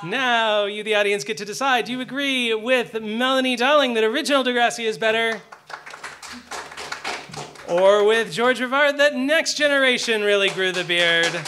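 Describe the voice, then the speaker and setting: A man hosting a live comedy game show on stage, announcing rounds briskly. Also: extremely high pitch, pushed and bright, a little hiss or hum. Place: comedy theatre stage with audience.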